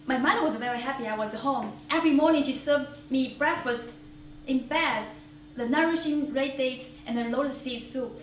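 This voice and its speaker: A woman from China performing a one-woman theater monologue, earnest and reflective with pauses. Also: high-pitched. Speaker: solo stage performer. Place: small theater stage before an audience. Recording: roomy theater, distant mic, faint hiss.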